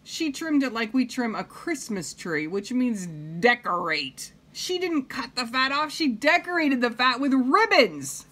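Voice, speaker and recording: Lady reading a storybook to kids, lively pitch, slow, stops to ask them stuff. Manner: pauses to comment and ask the listeners questions. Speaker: reader. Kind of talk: reading a picture book aloud to children.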